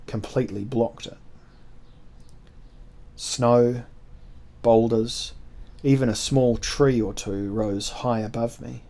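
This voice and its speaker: A man narrating a historical adventure novel in the first person, with measured, expressive storytelling. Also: on the low side.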